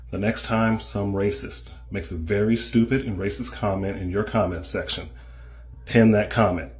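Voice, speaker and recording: A man's voice: on the low side, darkish tone. A man giving casual, playful advice to his viewers.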